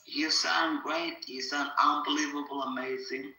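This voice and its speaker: A man's voice: on the high side, fairly even intonation, unhurried, sharp tone. A man hosting a podcast in casual chat, rambling, swearing and emphatic. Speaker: podcast host. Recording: echoey room.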